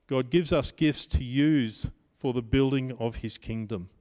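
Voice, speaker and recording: A man's voice: medium pitch, a little mellow. Man preaching in a reverberant hall. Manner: measured, personal storytelling. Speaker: pastor. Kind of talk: sermon. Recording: long reverb of a large hall.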